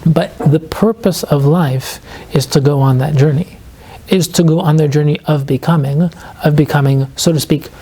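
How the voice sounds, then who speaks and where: A man, an author guesting on a podcast, explaining his ideas earnestly and reflectively, slowing down to stress key points. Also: on the high side, steady tone, dark tone, husky. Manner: fills speech with "like" and quoted inner questions.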